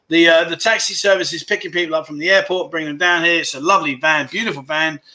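A man's voice: a little high, quick pace, hardly any pauses, pushed and bright. A man hosting a casual livestream, rambling frankly and calling his viewers mate as he reads out their comments. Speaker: livestream host.

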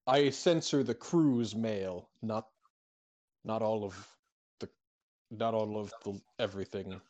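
A man's voice: lowish voice, slow, darkish tone. A man improvising a slimy alien crewman. He stammers and stays awkwardly polite. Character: slimy alien crewman who reads crew mail. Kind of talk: improvised sci-fi role-play.

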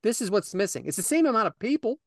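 A man's voice: sits high, very animated, fast, no echo. A man hosting a casual podcast, loose and joking, laughing often and cursing casually. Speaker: podcast host.

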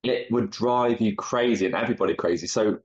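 A man's voice: fairly low pitch, brisk, darkish tone, husky. A man, a podcast guest, explaining things in a reflective, rambling way. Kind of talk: casual chat. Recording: dull muffled audio.

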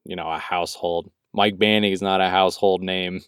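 A man's voice: deep voice, little pitch movement, fairly quick, a bit bright, smooth, no room sound, clean studio sound. A man co-hosting a podcast, chatting casually about a movie, rambling with frequent laughs and restarts. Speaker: podcast co-host. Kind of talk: casual movie review chat.

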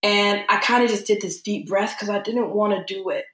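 A woman's voice: medium pitch, moderate pace, reverberant. A young adult woman telling a story in casual chat, acting out the voices of the people she quotes. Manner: animated, acts out quoted voices. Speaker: podcast guest.

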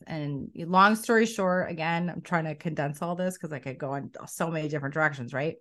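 A middle-aged woman with a somewhat low voice tells her story as a podcast guest. She is animated and slips into quoting her own thoughts along the way. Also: fairly quick, few pauses. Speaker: coach and academy founder.

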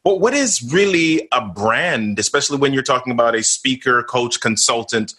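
A man's voice: mid-range voice, expressive, moderate pace, pushed and bright. A man hosting a podcast interview, asking probing questions and throwing in short eager reactions. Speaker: podcast host. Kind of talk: casual interview talk.

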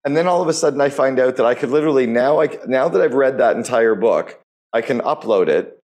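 A man's voice: medium pitch, lively intonation, fast talker, a little mellow. A man hosting a podcast interview, talking enthusiastically and bluntly, with casual swearing. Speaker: podcast host.

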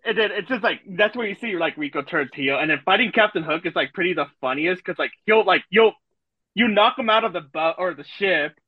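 High-voiced excitable man, lo-fi dry mic. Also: a little fast, no echo. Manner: excitable, laughing, says dude a lot. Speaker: podcast co-host. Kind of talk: casual gaming chat.

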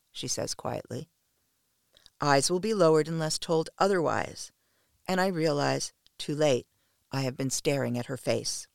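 A woman narrating an erotic story in the first person, in a steady, intimate storytelling manner. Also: low voice, creaky, no room sound, studio quality.

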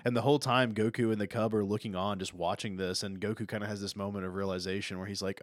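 A young adult man co-hosting a podcast, casually recapping a movie and acting out character lines with animated bursts. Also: lowish voice, fast, hardly any pauses, dry recording, clean studio sound. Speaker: podcast co-host.

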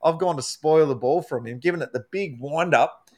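A man's voice: a little high, normal speed. A middle-aged man with an Australian accent, hosting a casual chat full of laughing banter. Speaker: podcast host.

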